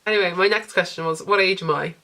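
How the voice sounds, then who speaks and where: A woman's voice: lowish voice, fast, bright, forceful tone. A woman in her twenties with an Irish accent with a posh English tinge, chatting casually and rambling through a Q&A at home, laughing often. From Ireland. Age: 20s. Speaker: vlogger. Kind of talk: casual Q&A chat. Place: home, indoors.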